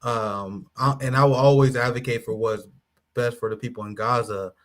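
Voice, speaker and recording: A man speaks casually as part of a podcast panel. His delivery is conversational and a little halting, and he agrees with the other guests as he makes his points. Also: medium pitch, steady tone. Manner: conversational, with frequent fillers and restarts.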